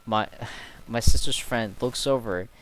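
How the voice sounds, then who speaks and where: A man's voice: mid-range voice, unhurried, a bit bright. A young man telling stories casually on a late-night stream, rambling, correcting himself and chuckling at himself.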